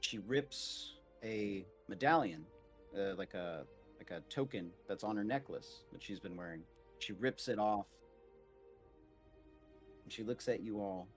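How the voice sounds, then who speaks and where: A man's voice: lowish voice, a little slow, pauses often, soft background music. A man narrating a tabletop game as game master in a casual, rambling way, full of "like" fillers.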